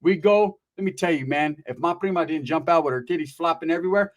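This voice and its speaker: A man's voice: on the high side, fast talker. A young man telling a crude, slangy comic story, tagging lines with "right?".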